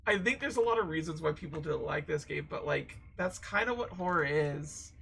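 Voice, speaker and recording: Chatty woman streamer with a gravelly edge. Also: deep voice, lively intonation, normal speed, a bit bright, a little hiss or hum, rough recording. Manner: rambling, chatty, laughs often. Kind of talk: casual let's-play commentary.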